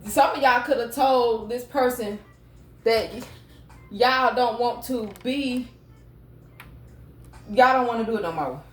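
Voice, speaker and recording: A woman's voice: on the high side, takes it slowly, long pauses, soft background music. A woman giving a casual tarot reading to camera at home, chatty and blunt, swearing freely. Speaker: tarot card reader. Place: room at home. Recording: echoey room, mic set far off.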